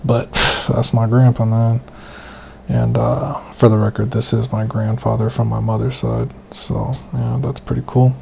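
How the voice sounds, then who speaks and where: A man hosting a podcast, telling casual rambling stories in a loose, profane way, keeping his voice soft. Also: medium pitch, little pitch movement, measured pace, gravelly, slight background noise. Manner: speaking softly, half-whispered. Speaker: podcast host. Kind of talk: casual storytelling monologue.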